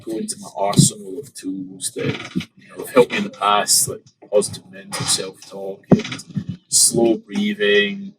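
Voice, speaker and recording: A man with a low voice, chatting as a podcast guest. He retells a story in a lively way, acting out his own thoughts, with plenty of ums and likes. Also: a little slow, gravelly, crowd noise, low-quality recording. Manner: animated, retelling with quoted inner thoughts and many fillers. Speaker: podcast guest, open water swimmer. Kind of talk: casual interview storytelling.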